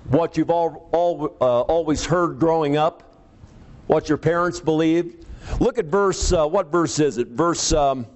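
A man preaching a sermon, reading scripture aloud and stressing points with pauses and sudden rises in pitch.

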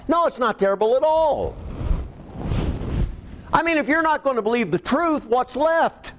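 A man preaching a sermon, reading scripture aloud and stressing points with pauses and sudden rises in pitch. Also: very animated, highs cut off.

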